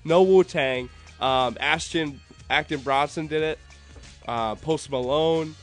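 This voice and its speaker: A man's voice: on the high side, slow, soft background music. A man co-hosting a podcast, talking upbeat with lots of ums. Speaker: podcast co-host. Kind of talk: casual chat.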